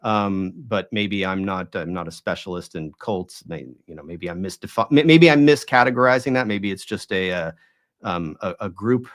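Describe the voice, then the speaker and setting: A man's voice: low voice, fairly bright tone. A man being interviewed, speaking in a conversational way with many restarts and rhetorical questions. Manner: talks in halting restarts and hedges, often asks rhetorical questions. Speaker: guest.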